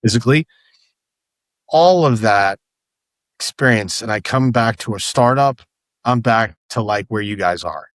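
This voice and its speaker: A startup founder in his fifties tells stories as a podcast guest in casual conversation, rambling, restarting sentences and repeating words. His voice is on the low side and a bit bright, with a measured pace and long pauses, and there's no room sound.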